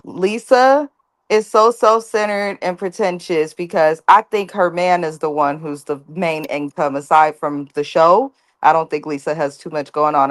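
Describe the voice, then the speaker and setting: A woman's voice: deep voice, dry recording. A woman co-hosting a casual reality show recap, blunt and opinionated in colloquial speech. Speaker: co-host.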